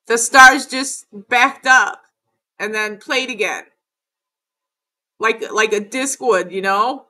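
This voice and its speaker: A woman's voice: on the high side, slow, long pauses, sharp tone. A middle-aged woman narrating her own footage in a casual vlog. She talks in a rambling, emphatic way and curses often. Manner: rambling and emphatic, with frequent cursing. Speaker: video creator.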